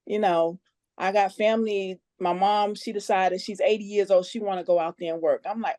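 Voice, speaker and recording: A woman speaks earnestly on a team call, plain-spoken and a little nervous. Her voice is mellow and mid-pitched. The sound is dry and close. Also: steady tone, normal speed, dry recording. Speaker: guest team member sharing her story. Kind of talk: casual testimonial on a conference call.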